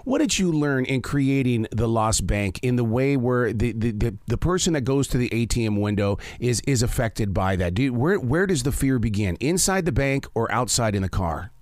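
A man's voice: medium pitch, expressive, normal speed, hardly any pauses, a little mellow, no echo. A male interview host who talks in a folksy way, often repeating words as he restarts his questions. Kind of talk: conversational interview.

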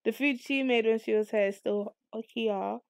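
A woman hosting a let's play, giving casual, excitable commentary on her game and cursing freely. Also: fairly high pitch, normal speed, vocal fry, no echo, clean studio sound. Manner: excitable, chatty, swears freely.

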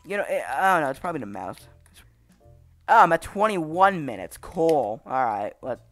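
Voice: medium pitch, very animated, moderate pace, no room sound, faint music behind. A gaming channel host giving gameplay commentary, frustrated and swearing, with raging outbursts.

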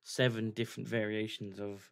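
A man's voice: lowish voice, little pitch movement, normal speed, clean tone. A young man chatting easily while gaming, often hedging his points. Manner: easygoing, hedging chat. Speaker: gamer co-host. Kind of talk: casual chat while gaming.

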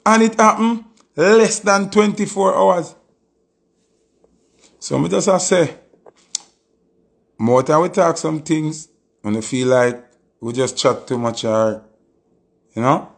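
A man's voice: on the high side, slow pace, creaky, long pauses. A man with a Jamaican Patois accent, talking casually on a live stream and telling a story with emphatic, repeated oaths.

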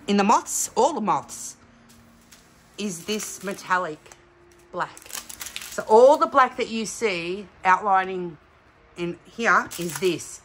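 Woman, middle-aged, from Australia, excitable unboxing chat, bright tone, slow delivery. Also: medium pitch, a little hiss or hum. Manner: excitable, exclaiming and chatty. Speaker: craft vlogger.

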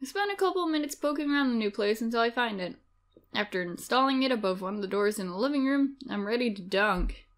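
A woman's voice: a little high, expressive, quick pace. A woman playfully reading a dating-sim game aloud, narrating and voicing the lead dad. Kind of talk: reading a visual novel aloud.

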